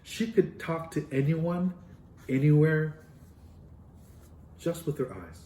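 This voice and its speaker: A man's voice: fairly high pitch, big pitch swings, takes it slowly, warm tone, recorded from a distance, a little hiss or hum. A man who is a professor, telling a story to a live audience and acting out the dialogue with big swings in his voice. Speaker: professor and speaker. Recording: roomy hall echo.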